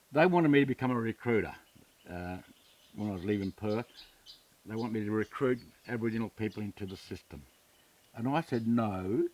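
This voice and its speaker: A man's voice: on the low side, a little mellow, far from the mic. Plain-spoken Australian man in his seventies. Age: 70s. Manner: plain-spoken, retells arguments with reported speech. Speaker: interviewee, community chair. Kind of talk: documentary interview storytelling.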